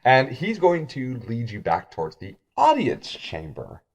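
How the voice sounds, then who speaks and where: A man's voice: mid-range voice, wildly swooping pitch, unhurried. A man running a tabletop game as game master, laughing often and talking with many fillers.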